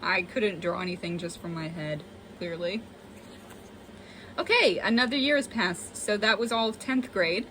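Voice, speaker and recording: A woman's voice: lowish voice, normal speed, slight background noise. A young woman giving a casual, self-mocking tour of her old sketchbook as a vlogger. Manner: chatty, self-mocking, animated. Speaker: artist and vlogger.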